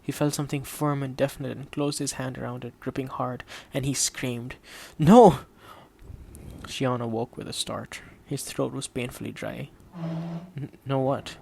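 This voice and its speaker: A man reading an audiobook in a steady, measured way, voicing the dialogue quietly. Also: mid-range voice, creaky, slight background noise. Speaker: audiobook narrator. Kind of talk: scripted audiobook narration.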